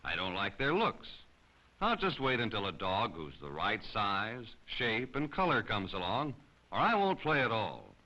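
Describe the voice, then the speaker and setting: Brief: sulky pet dog, voiced by a male narrator in a storybook, lively pitch, lo-fi sound. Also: unhurried, heavily acted. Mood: stubborn. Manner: grumbling, stubborn. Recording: slightly dull lo-fi recording.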